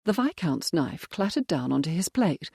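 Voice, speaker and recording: An audiobook narrator reading a period mystery in a measured, even manner. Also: mid-range voice, gravelly, slightly rough, dry recording, clean studio sound. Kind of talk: scripted narration.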